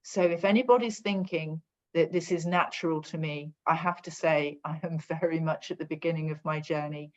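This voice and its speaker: A woman's voice: low-pitched, steady tone, moderate pace. A woman giving a heartfelt, effusive testimonial on a group call. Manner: emotional, effusive. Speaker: guest participant. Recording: dull lo-fi call audio.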